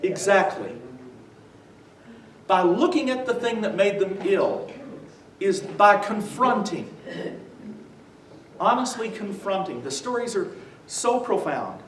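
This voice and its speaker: A man's voice: high-pitched, animated, slow, long pauses, a bit bright. A man giving a church adult-education lecture, quizzing his live audience with "what?" prompts and chuckling through his stories. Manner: chuckles while telling stories. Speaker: visiting lecturer on the New Testament. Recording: echoey room from far off, faint noise.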